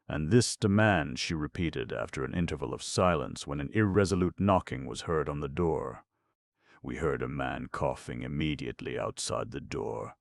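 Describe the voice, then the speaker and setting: A man narrating an audiobook in a measured storytelling manner. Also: rumbling low, gravelly, no room sound.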